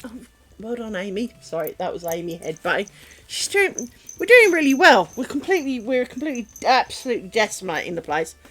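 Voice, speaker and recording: A woman streaming while she crafts at home, chatting in a rambling way and dropping to a soft, low voice when she talks to her dogs. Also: big pitch swings, brisk, a little hiss or hum. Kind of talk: casual chat while crafting.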